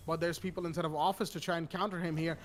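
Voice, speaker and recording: High-voiced man calling esports action. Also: noisy background. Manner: energetic, rapid, with chatty asides. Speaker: esports caster. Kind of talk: play-by-play esports commentary. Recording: game gunfire audible under voice. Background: in-game gunshots and ambience.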